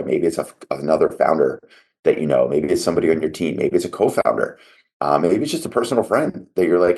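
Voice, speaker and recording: Podcast host, male, middle-aged, extremely low voice, casual coaching monologue. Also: lively intonation, brisk, a little mellow. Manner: conversational, self-coaching tone with asides.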